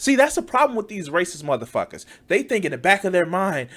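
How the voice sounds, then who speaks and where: Mocking, swearing man with a lively voice. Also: high-pitched, fast talker, hardly any pauses. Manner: mocking, exasperated, swears often. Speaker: reaction streamer. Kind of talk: profane reaction commentary.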